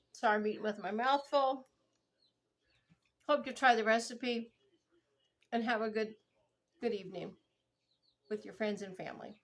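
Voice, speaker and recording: A woman's voice: a little high, normal speed, long pauses. A woman, chatting casually to viewers in a home cooking vlog. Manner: chatty and homey, addressing viewers as guys and y'all. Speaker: home baking vlogger.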